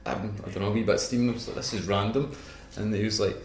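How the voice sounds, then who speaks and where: A man's voice: fairly low pitch, fairly even intonation, fast talker, a little hiss or hum. A man with a Scottish accent, chatting as a musician guest in an interview, rambling and laughing often as he tells stories. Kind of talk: casual interview chat. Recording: roomy echo.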